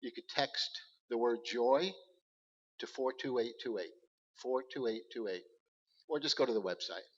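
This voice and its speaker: A man speaking earnestly at a church service, halting often with fillers as he presents slides. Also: medium pitch, expressive, long reverb tail, dull audio.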